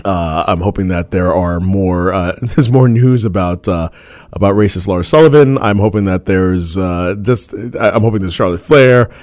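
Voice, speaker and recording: A man co-hosting a casual podcast in a low voice, rambling and restarting often and breaking into laughter. The sound is dry and close, with no room around it. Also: a little mellow, no room sound. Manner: rambling, halting, frequent laughs and fillers. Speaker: podcast co-host.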